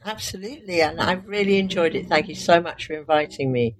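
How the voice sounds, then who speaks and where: Lower-voiced woman author, thoughtful guest. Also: fairly quick. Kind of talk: casual interview chat.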